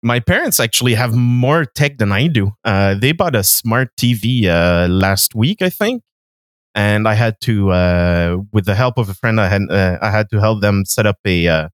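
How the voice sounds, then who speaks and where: A man with a French Canadian accent chats as a podcast guest, breaking into laughter often. His pitch rises and falls in a lively way. He sounds close and dry on the mic, with no room around him. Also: moderate pace, dry recording. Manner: laughs often, animated, easily amused. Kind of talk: casual podcast chat.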